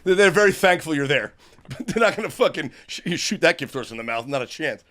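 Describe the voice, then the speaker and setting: A man's voice: a little high, expressive, brisk, fairly bright tone, a little hiss or hum. A man in his forties hosting a podcast, chatting casually, swearing often and laughing a lot. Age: 40s. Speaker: podcast host. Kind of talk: casual chat.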